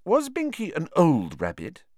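A man's voice: on the high side, huge pitch swings, unhurried, darkish tone, dry recording, studio quality, voice pushed up. Hermione, a man doing a fretful schoolgirl. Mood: earnest. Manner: earnest, precise, pleading. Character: earnest, anxious know-it-all teenage girl.

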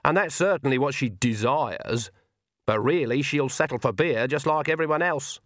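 A man's voice: mid-range voice, normal speed, no echo, clean studio sound, voice pushed up, natural voice. A man voicing a shrewd, stern old witch woman with plain-spoken, folksy speech in an audiobook. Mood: knowing. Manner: plain-spoken rural speech, calm and cutting.

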